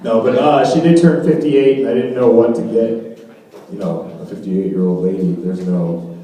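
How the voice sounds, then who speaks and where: A man's voice: on the low side, normal speed, mellow. A young man doing a stand-up comedy set in a club, rambling and profane, full of "you know". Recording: echoey club room, distant mic.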